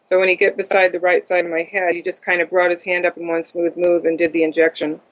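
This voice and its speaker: An interview guest giving a first-person account in a halting way, with many ums and uhs. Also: mid-range voice, completely flat delivery, a bit bright. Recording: dull lo-fi audio.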